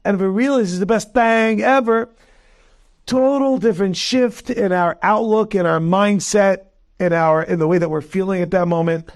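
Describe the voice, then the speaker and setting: A man, a rabbi giving a Torah class, telling a story with lively jokes and acting out its characters. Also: sits high, normal speed. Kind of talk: animated storytelling lecture.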